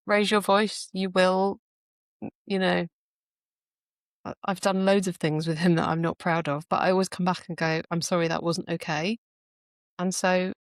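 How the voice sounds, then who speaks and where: A woman with a fairly low voice tells reflective stories in a casual podcast conversation, laughing often. The recording is dry and studio quality.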